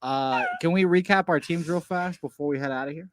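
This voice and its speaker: A woman's voice: lowish voice, a little fast. A woman moderating a podcast in casual chat, wryly steering the segment along.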